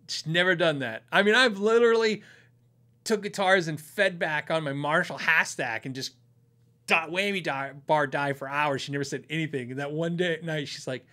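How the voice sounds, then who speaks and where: A man's voice: a little high, normal speed, pushed and bright. A man hosting a podcast, telling stories in a rambling, casual way and chuckling often. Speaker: podcast host.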